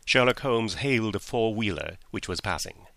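Low-voiced man reading a story aloud. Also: animated, normal speed, gravelly, fairly bright tone, dry recording. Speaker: narrator. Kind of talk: audiobook narration.

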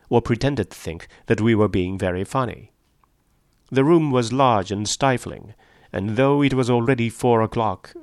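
Low, gravelly male audiobook narrator. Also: a little mellow, no echo, studio quality. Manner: measured, literary. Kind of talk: scripted narration.

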